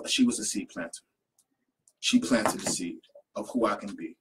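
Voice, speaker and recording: A man's voice: fairly low pitch, normal speed, long pauses, slight background noise, rough recording. A young man, a poet who works with youth, telling stories in casual conversation and acting out the people he quotes. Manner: animated storyteller who acts out quotes. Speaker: poet and youth program leader.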